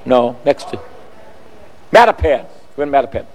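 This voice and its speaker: A man's voice: medium pitch, big pitch swings, normal speed, big-room sound. A Catholic priest, telling a personal story on his radio program in a chatty, rambling way. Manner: chatty, rambling, searches for words mid-story. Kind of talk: storytelling testimony on a radio broadcast.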